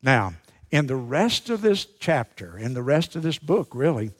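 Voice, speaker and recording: A male pastor preaching a sermon with emphatic, dramatic pauses, repeating key phrases for effect. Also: medium pitch, big pitch swings.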